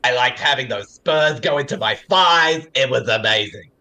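Australian man co-hosting a movie chat, animated pitch, joking tone. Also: normal speed, a crowd in the background. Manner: joking, laughs often. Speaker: podcast co-host. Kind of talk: casual movie commentary chat.

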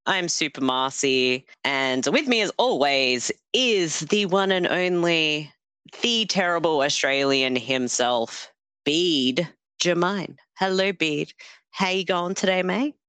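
A woman hosting a casual movie podcast, lively, swearing freely and laughing often. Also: low-pitched, slow pace, smooth, dry recording. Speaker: podcast host. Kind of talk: casual chat.

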